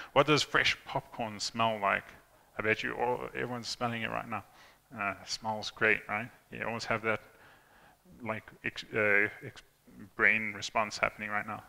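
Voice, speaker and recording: This young man speaks in a lowish voice with vocal fry and a sharp tone during an informal conference tech talk. Chatty and full of fillers and restarts, he performs quoted lines, and his voice echoes in a reverberant hall.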